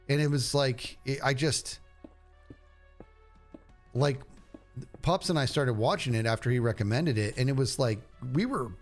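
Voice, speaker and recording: A middle-aged man chatting casually with his stream viewers, rambling and stopping himself mid-sentence as he talks about shows he loves. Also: medium pitch. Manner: rambling, self-interrupting, enthusiastic about shows. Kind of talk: casual livestream chat.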